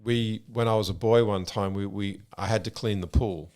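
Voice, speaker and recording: A middle-aged man with an Australian accent, co-hosting a podcast in a relaxed, frank way with casual swearing. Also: fairly low pitch, moderate pace, smooth. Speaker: podcast co-host. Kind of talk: casual conversational storytelling.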